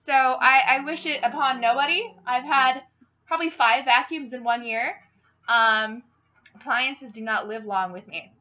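A woman's voice: high-pitched, a little slow, no room sound, lo-fi sound. A young woman with a Minnesotan accent, hosting a casual podcast in a rambling, self-deprecating way that drifts off on side tracks. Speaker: podcast host.

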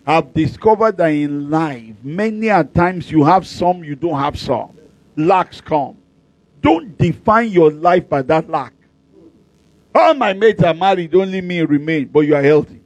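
A man's voice: a little high, animated, a little slow, no echo, low-quality recording. A middle-aged male pastor, preaching at a convention with emphatic, repeated declarations and humorous stories. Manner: humorous storytelling.

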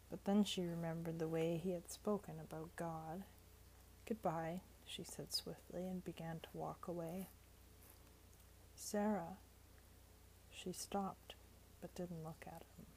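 A woman narrating an audiobook in a steady, measured reading voice. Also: on the low side, vocal fry, slight background noise, rough recording.

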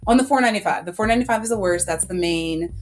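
Animated young woman chatting casually. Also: mid-range voice, very fast. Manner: animated storyteller, heavy use of "like", laughs often. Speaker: podcast guest. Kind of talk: casual chat.

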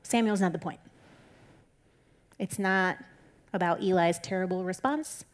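A woman's voice: lowish voice, measured pace. A woman giving a casual Bible teaching in a candid, conversational way. She reassures and encourages her listeners and often says "like". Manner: conversational and candid, with frequent "like" fillers.

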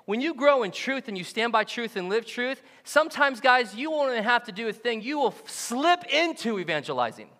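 A male pastor preaching a sermon, animated and joking, who often acts out the voices of the people he quotes. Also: extremely high pitch, fairly quick, few pauses, in a large hall. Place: church sanctuary.

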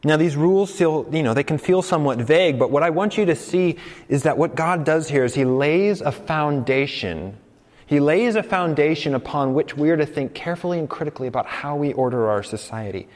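A man from the United States preaching a sermon in a conversational, animated way. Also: fairly high pitch, fairly quick, big-room sound. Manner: conversational and animated, acting out quoted voices. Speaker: pastor.

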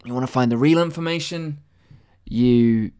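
A man delivering a deadpan satirical conspiracy monologue, mock-earnest and rambling, with stammered restarts and swearing. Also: medium pitch, normal speed, clean tone.

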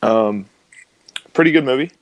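A man's voice: mid-range voice, a little slow, no room sound. A young man co-hosting a podcast, rambling through a story and laughing often as he loses track. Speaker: podcast co-host. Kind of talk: casual chat.

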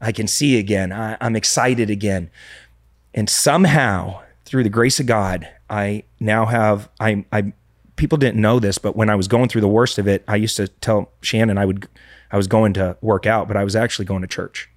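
Low-voiced man telling a candid confession. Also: fairly even intonation, moderate pace, no room sound, studio quality. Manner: earnest, confessional, with frequent restarts. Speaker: podcast guest. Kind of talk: candid personal storytelling.

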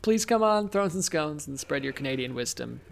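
A podcast host chatting loosely with friends, mid-pitched and easygoing. The talk rambles and is broken up by frequent laughs. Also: expressive, moderate pace, creaky, slight background noise. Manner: playful, laughs often, rambling. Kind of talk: casual chat.

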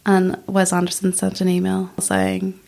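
A young woman from Northern Ireland with a Northern Irish accent, speaking softly and shyly as a guest in a casual interview, laughing often. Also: lowish voice, monotone, measured pace, creaky. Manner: soft-spoken, shy, laughs often. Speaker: guest puppet-maker.

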